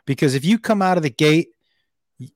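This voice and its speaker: A man's voice: on the high side, animated, a little fast, dry recording, clean studio sound. A man hosting a casual podcast chat as a comedian, talking in bursts with restarts and stammers. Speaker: host and comedian.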